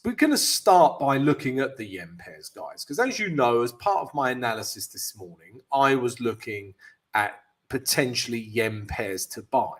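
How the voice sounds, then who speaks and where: A man's voice: mid-range voice, husky. A British man hosting a live trading stream, greeting viewers by name in a chatty, upbeat way and walking through chart analysis with frequent fillers. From Britain.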